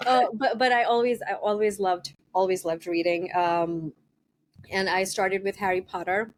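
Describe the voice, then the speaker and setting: A woman's voice: mid-range voice, fairly even intonation, moderate pace. A woman with a nasal, stuffed-up voice from a recent cold chats casually as an interview guest. She rambles and hesitates, filling gaps with ums and small laughs. A faint noise sits under her voice. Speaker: author guest.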